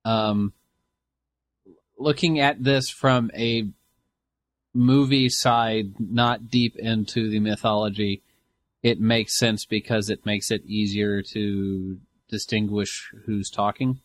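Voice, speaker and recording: A man co-hosting a casual podcast, speaking in a low-key, thoughtful way. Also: flat delivery, takes it slowly, no room sound. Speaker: podcast co-host.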